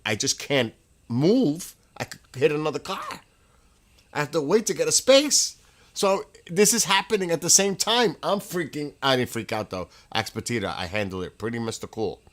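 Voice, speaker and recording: A man hosting his own livestream from a room at home, telling casual, rambling stories in an excitable way, with restarts and laughs. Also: medium pitch. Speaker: livestream host.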